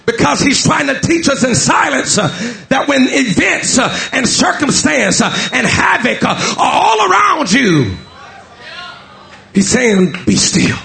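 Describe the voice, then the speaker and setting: Shouting high-voiced male preacher, gravelly. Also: sing-song, a little slow. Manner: chanting, shouted preaching with many "uh" fillers. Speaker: pastor. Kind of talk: sermon.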